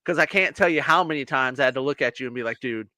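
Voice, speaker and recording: An American man co-hosting a podcast tells a story in casual chat, animatedly acting out the people he quotes. His mid-range voice moves rapid-fire, with no echo.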